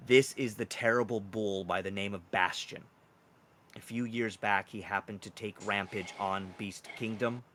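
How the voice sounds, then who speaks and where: A man's voice: on the low side, fairly bright tone, slight background noise. A man narrating a tabletop game as game master, describing scenes casually.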